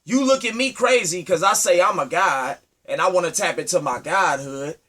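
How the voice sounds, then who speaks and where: A man delivering an impassioned, preachy monologue, firing rhetorical questions at his listeners and swinging from loud to low. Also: normal speed. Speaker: speaker addressing his community.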